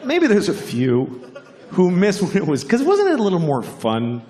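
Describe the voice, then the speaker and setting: A man doing a stand-up comedy set, telling stories in a deadpan, unhurried way and jumping into high character voices. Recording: live venue with audience laughter.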